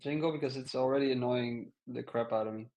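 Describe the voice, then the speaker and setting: A man's voice: medium pitch, fast, mellow. Teasing man on a livestream. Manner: teasing, laughs often. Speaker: livestream co-host. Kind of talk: casual livestream banter.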